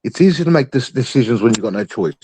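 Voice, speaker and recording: Aussie bloke going off like a coach, swearing heaps, husky voice, pitch all over the place. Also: male voice, expressive, quick pace, a little mellow, rough recording. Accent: Australian. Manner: fired-up, profane, ranting like a coach. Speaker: podcast panelist. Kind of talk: heated sports chat.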